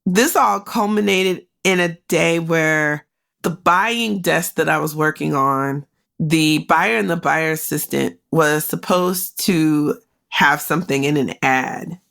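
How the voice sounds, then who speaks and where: Brief: woman podcast host, low-pitched and gravelly, candid storytelling full of "like" fillers. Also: slow, a bit bright. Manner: candid and emotional, talks straight to listeners; conversational, with many "like" fillers. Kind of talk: personal storytelling.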